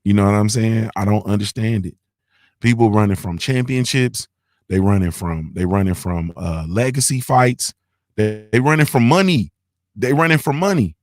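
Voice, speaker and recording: Guy with a lowish voice riffing on his stream, dry close mic, loose and repetitive. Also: moderate pace, darkish tone, no room sound. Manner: loose, repetitive, slangy rant with "you feel me". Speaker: morning show host. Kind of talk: casual streaming commentary.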